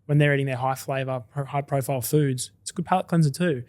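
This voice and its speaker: A man's voice: mid-range voice, fairly even intonation, a little mellow, no echo. A man, a drinks company founder talking through his business in a casual, enthusiastic podcast interview. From Australia. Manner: chatty, quick and enthusiastic.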